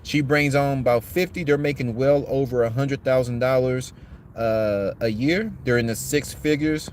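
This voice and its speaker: A man's voice: medium pitch, normal speed, a little mellow, slight background noise. A man hosting a commentary podcast, giving a blunt, profane, preachy rant.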